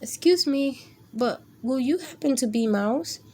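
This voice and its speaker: A woman's voice: lively intonation, unhurried, warm tone. A woman voicing a brave, curious little male kitten who politely asks around in a storybook tale. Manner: high, eager, questioning.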